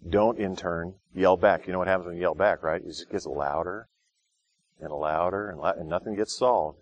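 A middle-aged man preaching a sermon in a conversational way, rising to loud, slow, emphatic phrases for stress. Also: deep voice, no echo. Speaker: pastor.

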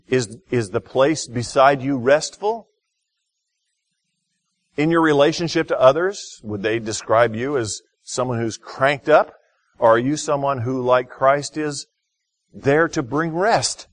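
A middle-aged man preaching a sermon in a conversational way, rising to loud, slow, emphatic phrases for stress. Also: medium pitch, no room sound. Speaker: pastor.

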